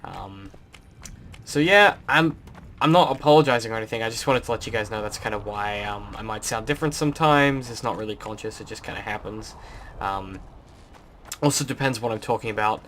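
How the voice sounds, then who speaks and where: A man's voice: fairly low pitch, fairly quick, a little hiss or hum. Rambling Australian man narrating gameplay. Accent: Australian, mixed with British. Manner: rambling, relaxed, many ums. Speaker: let's play host. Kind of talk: casual gameplay commentary.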